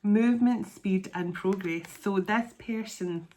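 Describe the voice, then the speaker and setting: A woman giving an intuitive tarot reading to her viewers, talking in a soft, earnest and openly emotional way, and stretching out words as she reads the cards. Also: mid-range voice, unhurried. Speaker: tarot card reader.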